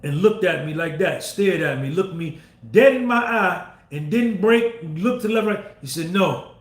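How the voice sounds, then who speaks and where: A man's voice: high-pitched, lively intonation, normal speed. A man hosting a podcast, telling a story in a casual way, repeating himself and acting out what others said. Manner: repetitive, acts out quoted dialogue. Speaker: podcast host. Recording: roomy echo.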